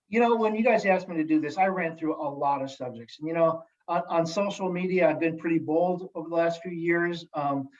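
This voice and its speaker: A man speaking as a guest in casual podcast chat, telling stories in an animated, jokey way with many restarts. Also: fairly high pitch, brisk, highs cut off. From United States. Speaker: guest, sales executive and elected official.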